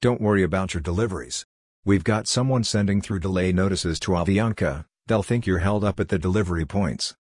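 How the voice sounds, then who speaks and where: A man reading the lines of a calm, odd-talking male scientist in a story, in a measured, matter-of-fact way. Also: sits low, breathy edge, no room sound, studio quality.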